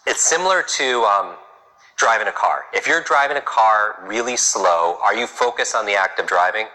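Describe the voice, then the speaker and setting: A man speaks in a deep register with a sharp, strongly bright edge. He coaches a live crowd on reading in a brisk, punchy style. He keeps throwing rhetorical questions at them. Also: rough recording. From New York. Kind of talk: motivational talk to a live audience.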